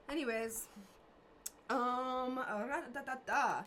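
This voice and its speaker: A woman's voice: on the low side, expressive, a little fast, a little hiss or hum. A woman talking casually on a podcast, rambling and self-deprecating, often breaking into laughter as a tarot reader. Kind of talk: casual chat. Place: lives in a trailer park.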